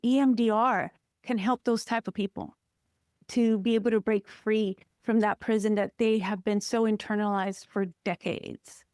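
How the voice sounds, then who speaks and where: A woman counselor, a guest on an interview podcast, telling personal stories in an expressive, emphatic way. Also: mid-range voice, no room sound, studio quality. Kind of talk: personal conversational interview talk.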